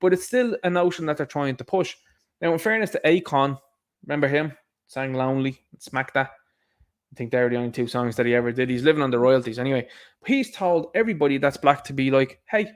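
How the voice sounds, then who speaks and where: Sarcastic Irish man ranting casually. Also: mid-range voice. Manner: sarcastic, rambling, with asides. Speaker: commentary show host. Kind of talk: casual opinion commentary.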